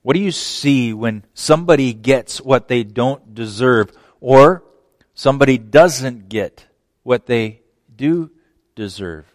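A man's voice: mid-range voice, lively intonation, takes it slowly, no room sound, studio quality. A male preacher giving an emphatic sermon, repeating words and asking the congregation rhetorical questions.

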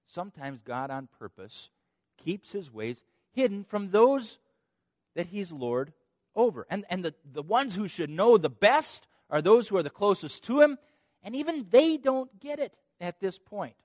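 A man preaching a sermon with animated storytelling, often repeating words as he starts a phrase. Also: high-pitched, unhurried, no echo, studio quality. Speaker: pastor.

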